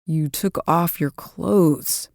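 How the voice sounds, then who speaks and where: Audiobook casting: a woman playing a stern young man, dark, slow, clipped speech. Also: animated, vocal fry, dry recording, studio quality, full character voice. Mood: tense. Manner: low growling, clipped through the teeth. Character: stern brooding young man, tense and restrained. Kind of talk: audiobook character voice.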